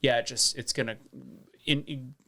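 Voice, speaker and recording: A man's voice: medium pitch, fairly even intonation, normal speed, pushed and bright. A man chatting as a podcast guest in a blunt, profane, opinionated way. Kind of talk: casual podcast chat.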